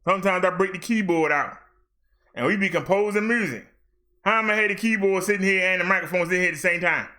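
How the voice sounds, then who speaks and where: A middle-aged man hosting a wrestling review show, ranting in a blunt, animated, trash-talking way. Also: high-pitched, quick pace.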